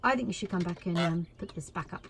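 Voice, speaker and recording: A woman commentating her own gameplay in an excitable way, cheering, shouting and laughing at the screen. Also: lowish voice, fast talker, a little hiss or hum. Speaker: gaming video creator. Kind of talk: let's play commentary.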